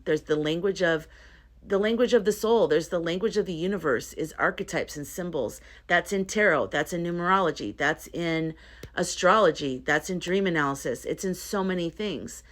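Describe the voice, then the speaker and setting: A woman's voice: lowish voice, normal speed. A woman talking to camera in a casual vlog, earnest and rambling, often interrupting herself. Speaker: spiritual content creator.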